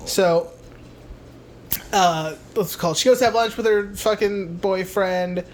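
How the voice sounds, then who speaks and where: A man's voice: high-pitched, a little slow. Laughing, swearing man recapping a movie. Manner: profane, laughing, acts out film dialogue in put-on voices. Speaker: podcast co-host. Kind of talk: casual movie recap chat.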